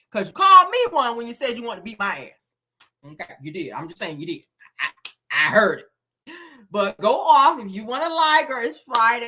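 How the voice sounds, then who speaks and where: A woman's voice: mid-range voice, bright, forceful tone, slightly rough. A woman hosting a casual gossip show, sassy, laughing a lot and mimicking the people she talks about. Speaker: gossip channel host.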